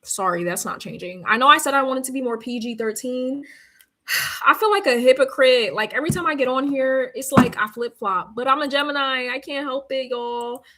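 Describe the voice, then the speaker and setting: Young woman livestreamer, bright voice, tired and cursing freely. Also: sits high, moderate pace. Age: young adult. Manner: blunt, profane, chatty and laughing. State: tired, sleepy. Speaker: livestreamer and tarot reader. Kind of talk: casual livestream chat.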